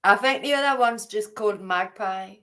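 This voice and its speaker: A woman's voice: mid-range voice, moderate pace, sharp tone. A woman hosting a live stream, chatty and giggly, playfully scolding her guests. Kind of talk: casual chat.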